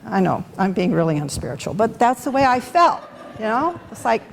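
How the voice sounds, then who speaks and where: A middle-aged woman at a Bible study offers a conversational, unscripted testimony, speaking fairly quickly in a fairly high, sing-song, creaky voice. The space adds long hall reverb, with faint background noise.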